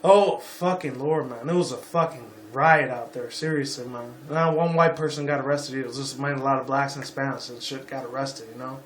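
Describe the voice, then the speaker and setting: A man's voice: medium pitch, steady tone, fairly quick, hardly any pauses, reverberant, slight background noise. A man in his twenties from Las Vegas, ranting on a vlog in a rambling, profane way and leaning on "you know" again and again. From Las Vegas, Nevada. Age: 20s. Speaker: YouTuber. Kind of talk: rambling opinion rant.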